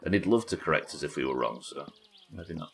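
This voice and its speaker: A man's voice: rumbling low, expressive, a little fast, gravelly. A British man streaming a game live, chatting casually with viewers, reading out their messages and swearing freely. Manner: chatty, swears, reads chat aloud. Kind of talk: casual gameplay chat.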